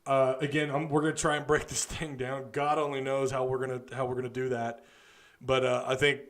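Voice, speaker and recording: A man's voice: medium pitch, flat delivery, fairly quick, fairly bright tone. A man hosting a casual live postgame talk, tired and rambling as he talks to viewers. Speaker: podcast host.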